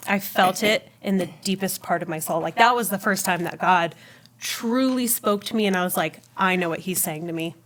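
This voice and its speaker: A woman guest on a podcast telling her personal faith story in conversation. She is an animated storyteller who laughs often and acts out what she said at the time. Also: fairly low pitch, moderate pace.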